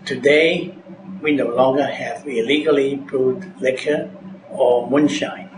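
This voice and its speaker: A man narrating a scripted vocabulary lesson as a teacher, reading in a measured, deliberate way. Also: mid-range voice. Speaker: English teacher. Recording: echoey room with background noise.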